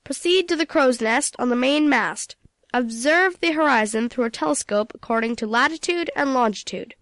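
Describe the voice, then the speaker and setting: A woman's voice: high-pitched, normal speed, a bit bright, no echo. A woman voicing a pompous, short-tempered male sea captain giving peremptory orders in a storybook.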